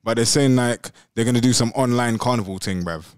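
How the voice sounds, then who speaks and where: A man's voice: medium pitch, brisk, clear, resonant tone, no echo. A young man hosting a live studio chat show, casual and slangy, saying "bruv" after every phrase. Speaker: host. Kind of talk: casual live call-in banter.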